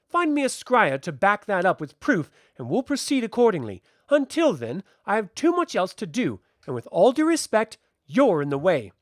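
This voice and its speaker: A proud young princess with a cutting, commanding tone, as a man reads her part. Her voice rides high and leaps around with lively swings. The sound is dry and close. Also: unhurried, few pauses, no room sound. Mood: angry.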